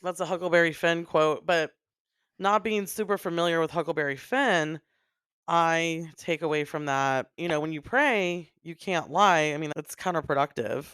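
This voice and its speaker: Woman podcaster talking earnestly about lyrics, smooth clear voice, dry close mic. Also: low voice, moderate pace, a bit bright, no room sound. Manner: emotional, voice breaking near tears. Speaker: podcast co-host. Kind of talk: casual chat about an album.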